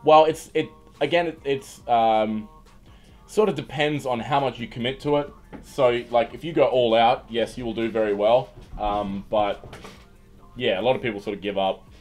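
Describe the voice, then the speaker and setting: A man's voice: medium pitch, normal speed, darkish tone. A young man with an Australian accent, hosting a livestream and chatting casually, joking and rambling with many restarts. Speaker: livestream host. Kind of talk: casual livestream chat reading viewer comments. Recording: faint music behind. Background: faint background music.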